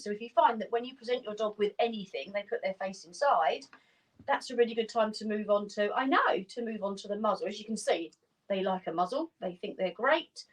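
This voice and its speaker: A woman, a dog trainer explaining steps clearly and practically in an instructional video. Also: recorded from a distance, poor audio. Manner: clear, practical explaining, breaks into high praise for the dogs.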